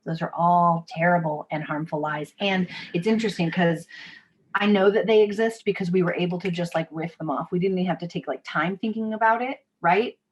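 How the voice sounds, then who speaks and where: A woman's voice: fairly low pitch, a little fast, a little hiss or hum. A woman in her thirties hosts a live online session over a video call. Her talk is conversational and direct, and she often reads the audience's chat messages aloud. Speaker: workshop facilitator.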